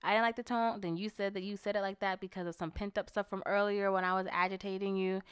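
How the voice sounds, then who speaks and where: A woman's voice: mid-range voice, level tone, fast talker, clear, resonant tone, no echo, studio quality. A woman co-hosting a casual couples podcast, telling her side of a story and quoting herself and her partner. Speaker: podcast co-host.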